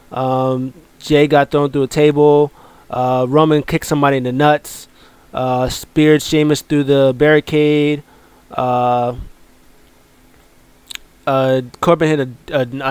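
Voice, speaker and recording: A man's voice: mid-range voice, clear, resonant tone, no room sound. A man casually recapping a wrestling show, rambling with many ums and uhs and joking along the way.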